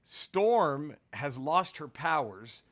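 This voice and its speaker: A man's voice: fairly high pitch, big pitch swings, very slow, crowd noise. A man hosting a casual podcast chat, boisterous and teasing, laughing often. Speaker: podcast host.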